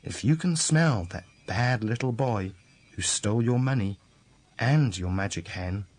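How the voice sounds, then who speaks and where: A man's voice: mid-range voice, lively intonation, a little slow, a little mellow. A man doing the ogre's anxious giant wife. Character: big tall nervous giant's wife, woman.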